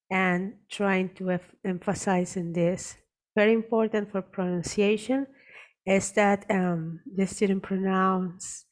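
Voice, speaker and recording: A woman teacher giving a screen-share tutorial, explaining each step slowly and deliberately. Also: mid-range voice, darkish tone.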